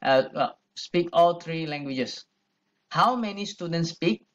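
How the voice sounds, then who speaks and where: A male math teacher explains an exercise one step at a time. His voice sits a little high, and he speaks slowly and patiently, repeating each number as he goes. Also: animated, a bit bright, highs cut off. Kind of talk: classroom lesson, working through an exercise.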